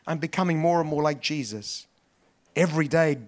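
A middle-aged man preaching a sermon as pastor, emphatic and repetitive, swinging between loud stresses and soft asides. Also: fairly high pitch, normal speed.

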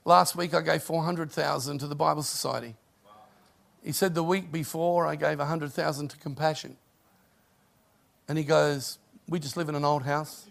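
Gravelly man preaching. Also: on the high side, steady tone, normal speed, a bit bright. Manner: preaching with rising emphasis and storytelling. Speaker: pastor. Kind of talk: sermon.

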